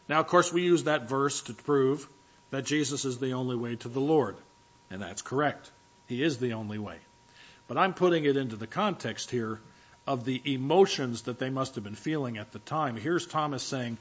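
A male pastor delivering a sermon as if chatting, telling stories and stopping for fillers as he goes. His voice sits at an ordinary pitch, and the recording is slightly dull and lo-fi. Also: normal speed. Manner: conversational storytelling with fillers.

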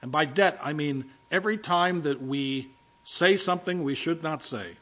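A man's voice: fairly high pitch, normal speed, fairly bright tone, muffled recording. A man preaching a sermon as pastor, talking conversationally and directly to his congregation in a church.

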